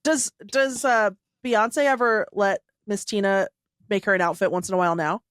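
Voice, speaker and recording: A woman's voice: medium pitch, no echo, studio quality. A woman co-hosting a podcast in casual chat, chiming in often and telling stories with animation. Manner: quick agreeing interjections, animated. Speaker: podcast co-host.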